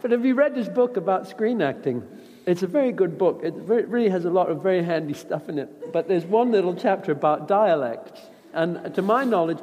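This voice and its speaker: A middle-aged man talks about his acting craft in a rambling, reflective way, circling back and restarting his thoughts. His voice sits fairly high and has a mellow, warm tone. The recording carries a long, lingering reverb. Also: slight background noise. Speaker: actor. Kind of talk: casual interview talk.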